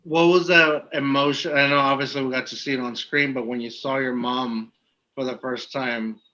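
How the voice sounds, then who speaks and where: A man co-hosting a laid-back podcast, talking in loose, rambling sentences full of fillers. His voice is bright and forceful. The audio is slightly muffled and lo-fi. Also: mid-range voice, fairly even intonation, normal speed. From Texas. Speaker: podcast co-host. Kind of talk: casual podcast interview.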